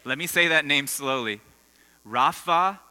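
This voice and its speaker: A man's voice: mid-range voice, moderate pace, bright, forceful tone. A man preaching a conversational sermon to students, telling stories and quizzing the audience. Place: school assembly hall. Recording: long hall reverb with mains hum.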